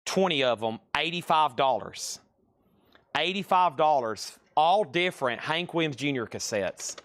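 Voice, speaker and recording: A man's voice: a little high, expressive, a little slow, fairly bright tone, no echo. A man hosting a live record and cassette sale, chatting casually as he names items and prices. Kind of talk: casual live-stream selling.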